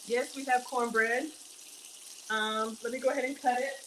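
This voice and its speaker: A woman's voice: on the high side, steady tone, moderate pace, a bit bright, a little hiss or hum, poor audio. A woman livestreaming from her home kitchen, chatting casually with viewers while she cooks and calling them y'all. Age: young adult to middle-aged. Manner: chatty, addresses viewers as y'all, reads donations aloud. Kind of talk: casual cooking livestream chat.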